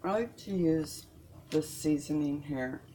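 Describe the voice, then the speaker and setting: Home-cook woman, low unhurried voice, chatty and rambling, echoey kitchen with background noise. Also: warm tone. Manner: rambling, chatty, self-interrupting. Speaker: home cook showing recipes. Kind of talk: casual cooking demonstration.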